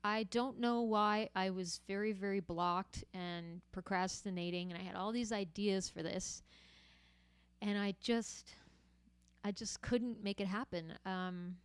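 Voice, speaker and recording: A woman musician hosting a livestream, chatting casually and warmly to her viewers with plenty of filler words. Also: medium pitch, steady tone, measured pace, clear, resonant tone, no echo. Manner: chatty and friendly, with frequent fillers.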